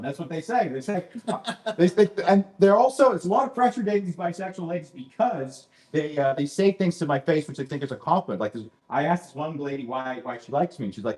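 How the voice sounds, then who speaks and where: A man's voice: fairly high pitch, lively intonation, brisk, darkish tone, reverberant. A man doing a stand-up set in a comedy club, self-deprecating and rambling into asides, with a Canadian accent.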